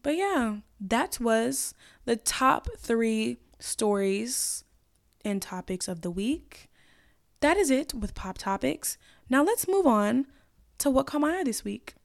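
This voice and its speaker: A woman's voice: on the high side, animated, takes it slowly, creaky. A young woman hosting a solo podcast, chatting casually and gushing, with some swearing. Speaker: podcast host.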